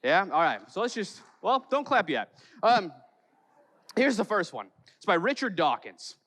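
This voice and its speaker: A man from Chicago preaches in a church, spinning stories with jokes and putting on voices for the people in them. His voice sits a bit high. Long reverb from the large hall trails after his words. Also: measured pace. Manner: lively storytelling with jokes and acted quotes. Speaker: pastor. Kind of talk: sermon. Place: church sanctuary.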